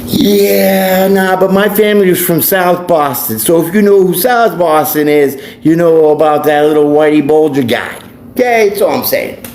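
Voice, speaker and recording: A man's voice: on the high side, normal speed, darkish tone. A man, a tarot reader and life coach, ranting bluntly and preachily in a profane vlog monologue. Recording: echoey room, faint background noise.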